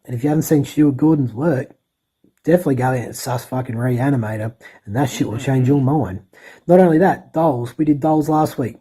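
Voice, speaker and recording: A man's voice: medium pitch, fairly quick, mellow, husky, rough recording. A man rambling through a casual, profane film review as a podcast co-host. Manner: rambling, sweary, enthusiastic.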